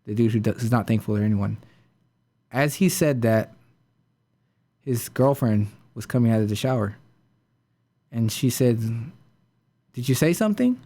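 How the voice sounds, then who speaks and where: A man's voice: on the low side, normal speed, long pauses, mellow. A man hosting a podcast, retelling a story in a casual, rambling way full of fillers and restarts. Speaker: podcast host.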